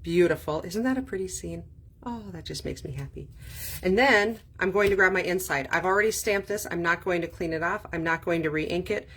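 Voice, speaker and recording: A woman's voice: on the low side, brisk, fairly bright tone, breathy edge. A woman chatting her way through a craft tutorial, thinking aloud with frequent ums. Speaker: card-making demonstrator.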